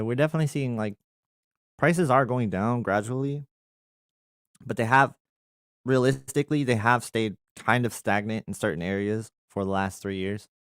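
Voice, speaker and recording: Smooth low-voiced male tech host. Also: dry recording, clean studio sound. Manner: conversational, reads comments aloud then rambles with fillers. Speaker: tech channel host answering viewer comments. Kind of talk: casual live chat.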